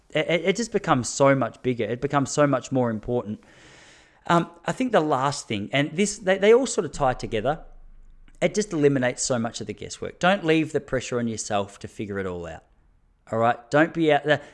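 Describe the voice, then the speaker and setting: Chatty man in his thirties. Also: mid-range voice. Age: 30s. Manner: chatty, frank, with fillers and restarts. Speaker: running coach, podcast host. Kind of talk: casual solo podcast talk.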